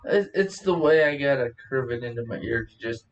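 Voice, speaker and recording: A man's voice: mid-range voice, expressive, fairly quick, far from the mic, highs cut off, a little hiss or hum. A man co-hosting a podcast in casual chat, crude and profane, laughing often. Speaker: podcast co-host.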